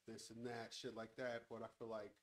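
A man's voice: fairly low pitch, completely flat delivery, moderate pace, low-quality recording. A man hosting a casual podcast chat from a home studio, talking in a laid-back way with lots of swearing into a handheld mic. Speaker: podcast host.

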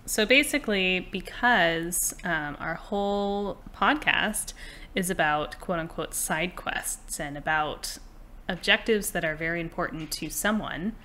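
Low-pitched, bright young woman co-hosting. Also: measured pace. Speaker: podcast co-host. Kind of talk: casual chat.

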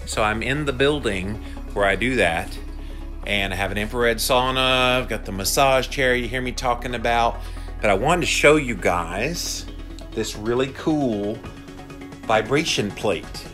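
A man's voice: mid-range voice, a little slow, a bit bright, soft background music. A man chatting casually on a live stream from his phone, talking straight to viewers and reading their comments aloud, his voice shaking from a vibration plate. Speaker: health podcaster livestreaming. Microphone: phone held while filming.

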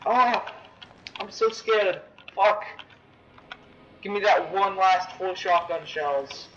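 A young man giving excitable, profane let's-play commentary, yelling at the game. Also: sits high, slow pace, dull audio, slight background noise. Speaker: gamer.

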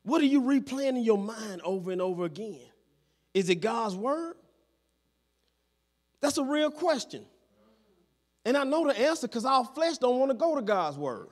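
A man's voice: extremely high pitch, sing-song, normal speed, long pauses. A man preaching a sermon as pastor in a church, constantly checking in with the congregation and repeating his phrases.

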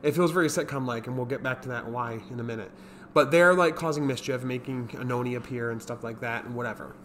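A man's voice: medium pitch, quick pace, fairly bright tone, a little hiss or hum. A man casually recapping a TV episode, rambling with lots of fillers and acting out characters' lines. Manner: rambling, many fillers, mimics characters in quotes. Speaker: show reviewer.

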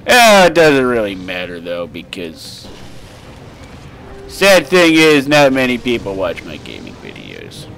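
A young man giving casual, rambling let's play commentary, swearing freely and breaking into sudden shouts. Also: mid-range voice, wildly swooping pitch, takes it slowly, gravelly, pauses often, slight background noise. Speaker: gaming commentator.

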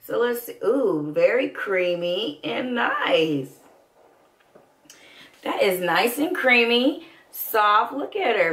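An excitable woman, chatting casually to viewers while unboxing beauty products. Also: fairly high pitch, slow. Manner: animated, excitable, addresses viewers as y'all. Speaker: beauty vlogger. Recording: echoey room.

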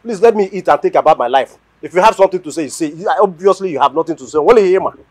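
A man's voice: high voice, fast talker, no room sound. An actor with a Nigerian accent playing an impatient young man desperate to travel abroad, pleading and stammering. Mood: frustrated. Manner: excitable, pleading, stammering repetitions. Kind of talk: film drama acting.

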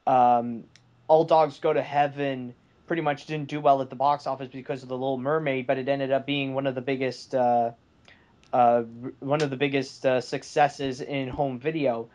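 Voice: mid-range voice, level tone, moderate pace, a little mellow. Rambling podcast co-host. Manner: rambling with many fillers. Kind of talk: casual movie podcast chat.

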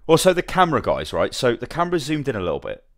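A man's voice: mid-range voice, wildly swooping pitch, fast talker. A young man chatting casually with his live-stream viewers as he assembles a model, rambling and greeting them by name.

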